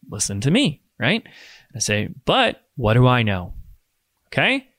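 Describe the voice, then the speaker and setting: A man's voice: medium pitch, wildly swooping pitch, measured pace, fairly bright tone, dry recording. Upbeat man hosting a motivational podcast. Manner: enthusiastic, rambling, self-deprecating asides. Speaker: podcast host.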